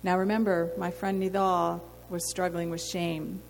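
A woman's voice: fairly low pitch, little pitch movement, a little slow, creaky, soft background music. A woman giving an earnest sermon testimony to a women's gathering, telling a story and asking rhetorical questions. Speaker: women's ministry speaker. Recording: long hall reverb, faint noise.

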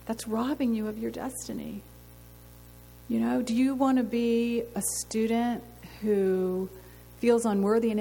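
A woman's voice: medium pitch, gravelly, warm tone. A woman giving an earnest sermon testimony to a women's gathering, telling a story and asking rhetorical questions. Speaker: women's ministry speaker. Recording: long hall reverb, faint noise.

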